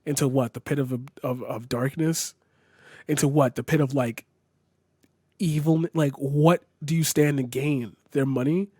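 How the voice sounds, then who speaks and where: A man's voice: medium pitch, steady tone, unhurried, warm tone, breathy edge, dry recording, clean studio sound. A man live streaming a reaction to a video, ranting angrily and swearing often, repeating himself as he vents. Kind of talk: angry reaction commentary.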